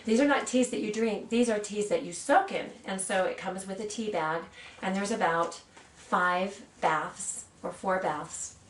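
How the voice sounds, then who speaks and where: A woman in her sixties, an aromatherapy practitioner, who gently demonstrates oils and tells personal stories in a soft, earnest way. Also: medium pitch, a little hiss or hum. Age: 60s. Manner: soft, earnest, reads blessings slowly. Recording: roomy sound from a distant mic, faint ambience.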